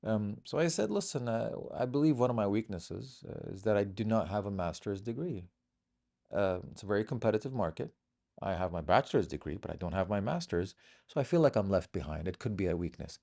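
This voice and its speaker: A man with a very deep, gravelly voice tells stories in a relaxed podcast chat. He is a middle-aged comedian from Bahrain, and he slips into the voices of the people he quotes. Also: a little fast. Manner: animated storyteller acting out quoted voices. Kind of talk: casual storytelling chat.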